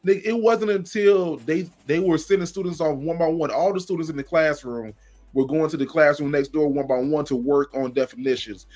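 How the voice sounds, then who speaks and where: A man co-hosting a comedy podcast, telling a school story in a profane, animated way. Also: on the high side, a little fast, soft background music. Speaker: podcast co-host.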